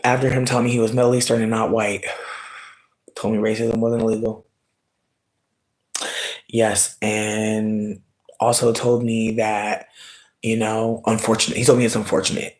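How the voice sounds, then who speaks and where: A man's voice: lowish voice, little pitch movement, normal speed, pauses often, rough recording. A young man, telling a profane, heated storytime rant in a vlog and acting out what people said. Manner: heated, profane, quotes people in exaggerated voices. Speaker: vlogger.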